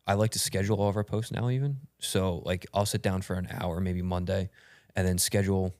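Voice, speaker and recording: A man hosting a podcast who talks in a measured, steady way. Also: sits low, dry recording, studio quality. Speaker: podcast host. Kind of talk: casual podcast conversation.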